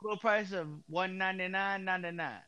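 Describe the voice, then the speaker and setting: A man in casual chat, rambling and halting, with lots of fillers and restarts. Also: high-pitched, fairly even intonation, muffled recording, crowd noise.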